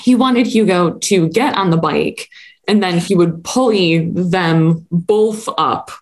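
A woman's voice: fairly low pitch, slow. A woman in her thirties co-hosting a podcast, chatting casually and laughing easily as she recaps a TV episode. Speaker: podcast co-host.

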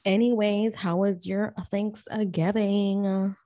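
A young woman co-hosting a casual chat podcast, loud, playful and full of slang, often laughing. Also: mid-range voice, flat delivery, takes it slowly, dry recording, clean studio sound. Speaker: podcast co-host.

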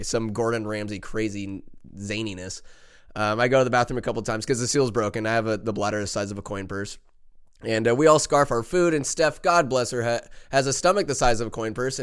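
A man's voice: medium pitch, a bit bright, clear, resonant tone. A young man hosting a podcast, telling a rambling, profane, self-mocking story in casual monologue. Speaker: podcast host.

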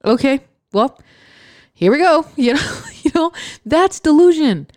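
A woman's voice: sits high, lively intonation, unhurried, a little mellow, no room sound, clean studio sound. A young woman hosting a podcast, giving a blunt, profane motivational rant and mocking doubters. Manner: sarcastic, mocks others in put-on voices; profane and emphatic. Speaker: podcast host.

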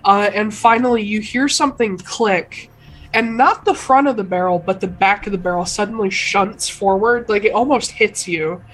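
A woman narrating a tabletop game as game master, unhurried and pausing often. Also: mid-range voice, rough recording. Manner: unhurried, hesitant, many filler pauses.

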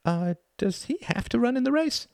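A man's voice: on the low side, animated, brisk, no room sound, studio quality. A man voicing a small, timid male mouse in a storybook, stammering and panting. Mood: nervous. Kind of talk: storybook reading.

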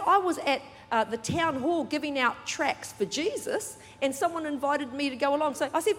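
Lively high-voiced woman pastor. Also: brisk, hardly any pauses, in a large hall. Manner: chatty and animated, laughing, joking asides. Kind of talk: sermon. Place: large church hall.

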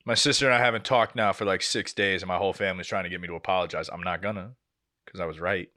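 A young man co-hosting a podcast, chatting casually and telling an animated story, acting out the people he quotes. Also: low voice, very fast. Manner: animated storytelling, acts out quoted family members. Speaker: podcast co-host. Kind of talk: casual chat.

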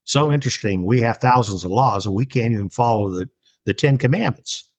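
A man giving a Bible lesson in a slow, deliberate way, with many pauses and fillers. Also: medium pitch, lively intonation, darkish tone, husky, no room sound. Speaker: Bible teacher.

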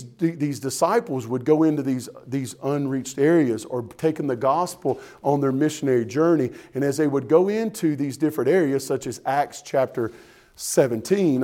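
A man's voice: medium pitch, mellow. A male pastor, preaching a sermon in an emphatic, folksy way and often asking the congregation if they are ready.

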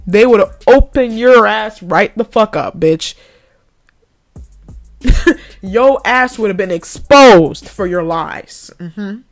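A woman's voice: medium pitch, lively intonation, takes it slowly, pauses often. A woman hosting a podcast, ranting in a profane, mocking way and laughing often. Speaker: podcast host. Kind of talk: ranting commentary.

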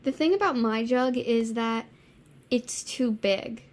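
Higher-voiced young woman teasing her friend. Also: slow pace. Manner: short teasing interjections. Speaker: podcast co-host. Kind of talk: casual chat.

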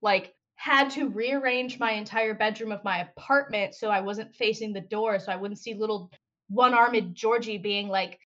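A woman's voice: mid-range voice, normal speed, a bit bright. A young woman on a casual podcast who chats at length, laughs often and fills her talk with "like". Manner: chatty, laughs often, says "like" a lot. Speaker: podcast co-host. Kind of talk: casual group chat. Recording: muffled lo-fi sound.

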